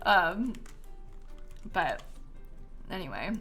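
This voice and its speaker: A woman's voice: fairly low pitch, sing-song, extremely slow, pushed and bright, faint music behind. A woman chatting casually on a live stream as she builds in a life-sim game, giggling often and answering her chat.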